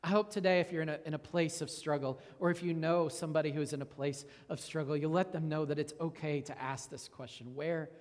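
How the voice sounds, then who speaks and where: A man's voice: on the high side, steady tone, fairly quick, hardly any pauses, long reverb tail. A man giving a sermon as a pastor, earnest and reflective, often repeating words as he stresses a point.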